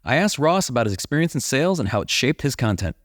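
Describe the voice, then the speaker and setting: Lively man reading a host intro. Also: medium pitch, quick pace, no room sound, clean studio sound. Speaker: podcast host. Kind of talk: scripted episode introduction.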